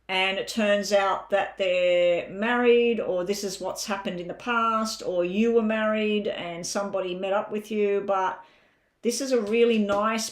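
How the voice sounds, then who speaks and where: Chatty Australian woman reading tarot. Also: mid-range voice. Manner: chatty, thinks aloud over the cards. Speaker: tarot reader. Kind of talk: live-stream tarot reading.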